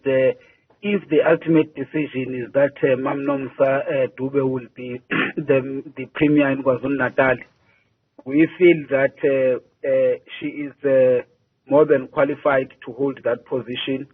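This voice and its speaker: A man's voice: mid-range voice, slightly rough. Man on a tinny phone line. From South Africa. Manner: measured, many hesitations and repeated words. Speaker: regional party spokesperson. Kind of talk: live news interview by phone.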